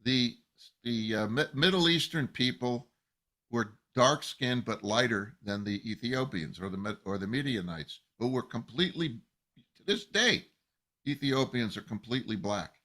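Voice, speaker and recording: A man teaching scripture as a rabbi, telling the story with plenty of life. His pitch swings widely as he acts out the people he quotes, and his voice has a bright, forward edge. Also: lively intonation, normal speed. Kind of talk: Torah lesson.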